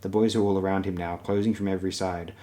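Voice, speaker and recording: A man with a notably low, deep voice reads a fantasy audiobook. His narration is steady and measured throughout. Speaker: audiobook reader.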